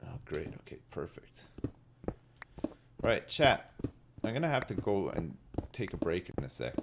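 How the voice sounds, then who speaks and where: A man's voice: low-pitched, very animated, a little slow, background noise. A man in his thirties streaming a game live, joking and rambling to his chat. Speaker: livestreamer. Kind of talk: casual live-stream chat while gaming. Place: home gaming setup.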